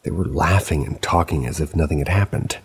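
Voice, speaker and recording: Deep, gravelly male storyteller. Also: brisk. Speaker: narrator of submitted paranormal stories. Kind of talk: scripted narration of a true scary story.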